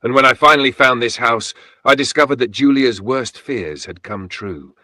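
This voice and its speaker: A man's voice: mid-range voice, normal speed, sharp tone, dry recording, voice pushed up, natural voice. Male reader voicing a righteous older chief, commanding, dry close read. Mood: grave. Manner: firm, commanding, accusing.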